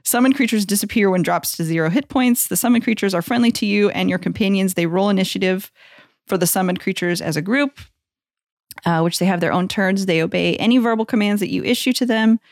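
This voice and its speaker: A woman's voice: mid-range voice, a little fast, no echo, studio quality. Woman player reading out game rules. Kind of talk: casual tabletop play.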